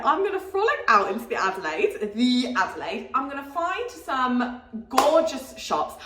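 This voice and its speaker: A woman's voice: high voice, a bit bright, echoey room, slight background noise. A young woman vlogging her travels, chatty and giggly, rambling between asides and upbeat narration. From Britain. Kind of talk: casual vlog chat and scripted travel narration.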